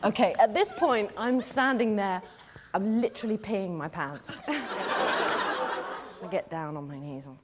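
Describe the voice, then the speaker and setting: A woman in her forties from England, an actress telling a comic story to an audience in an animated, giggly way. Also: a little high, measured pace, noisy background. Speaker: actress guest. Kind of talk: comic anecdote before an audience. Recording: muffled audio, loud audience.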